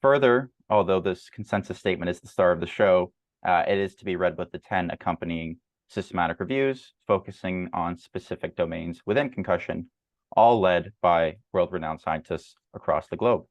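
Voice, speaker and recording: A man hosts an academic journal club over a video call and walks through slides in a measured, filler-laden way. His voice sits very low. The sound is dry and close. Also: no room sound, dull audio. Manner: measured, with frequent fillers and repeated words.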